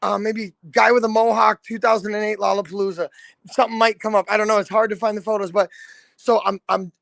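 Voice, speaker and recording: A man in his thirties from the American Midwest, a guest telling a casual story, animated and swearing freely. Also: high voice, fast talker, vocal fry, no room sound. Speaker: guest, lead singer.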